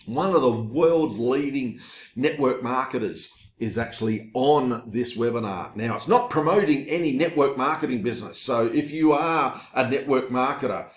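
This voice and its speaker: Australian man, salesy webinar host, middle pitch, echoey home room. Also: normal speed. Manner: upbeat, chatty, salesy. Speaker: webinar presenter. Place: home office.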